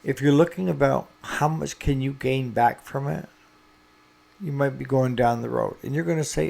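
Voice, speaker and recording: Gravelly man giving folksy shop advice. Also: medium pitch, normal speed, a little mellow. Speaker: small engine repair shop owner. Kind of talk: casual talk to camera.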